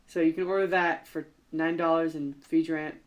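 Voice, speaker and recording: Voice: medium pitch, little pitch movement, brisk. A young adult podcast host chatting casually, rambling with many fillers and self-corrections. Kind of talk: casual chat.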